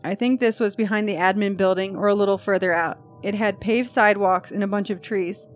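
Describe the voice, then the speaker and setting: A woman's voice: medium pitch, fairly even intonation, brisk, faint music behind. A woman hosting a podcast in casual chat, reading a post aloud with chatty, freely swearing asides. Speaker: podcast host.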